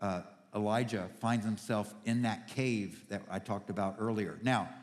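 A man's voice: lowish voice, normal speed. A man preaching a sermon as pastor, reading scripture aloud and then teaching from it, earnest and building to emphatic points. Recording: long hall reverb.

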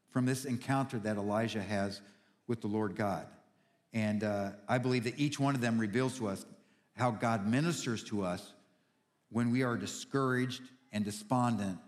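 A man preaching a sermon as pastor, reading scripture aloud and then teaching from it, earnest and building to emphatic points. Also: mid-range voice. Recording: long hall reverb.

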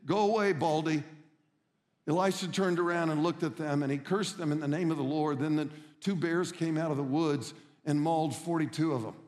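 A man's voice: a little high, fairly even intonation, brisk, darkish tone, long reverb tail. A middle-aged man preaching a sermon as a pastor, telling stories in an earnest, emphatic way.

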